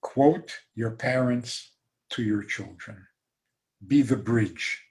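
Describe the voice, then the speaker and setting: Slow-speaking rabbi, dry humor. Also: male voice, medium pitch. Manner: slow, emphatic, with dry humor and soft laughs. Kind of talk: talk on a zoom call, answering questions. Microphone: video call.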